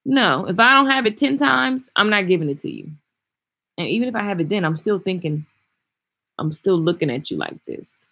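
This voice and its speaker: A woman hairstylist chatting casually and frankly on a livestream, reading and answering viewer comments with animated swings in loudness. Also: medium pitch, moderate pace. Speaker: hairstylist and vlogger. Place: traveling, indoors.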